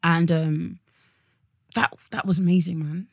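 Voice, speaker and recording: A woman, talking casually on a podcast. Her voice sits a little low, and the recording is close and dry. She chats in slang, trails off and restarts. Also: fairly even intonation, unhurried, dry recording. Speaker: podcast co-host. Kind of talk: casual chat.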